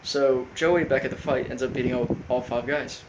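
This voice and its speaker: Guy rambling thru an episode recap, monotone, lots of um and you know, faint hiss behind. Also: medium pitch, moderate pace, muffled recording. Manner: rambling, full of fillers, quotes characters flatly. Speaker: recap host.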